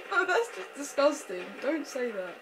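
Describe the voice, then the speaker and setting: High, jumpy young woman gaming. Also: lively intonation, moderate pace. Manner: jumpy, scared, screams and nervous laughter. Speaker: gamer playing with friends. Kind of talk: casual let's-play chat. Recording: noisy home recording.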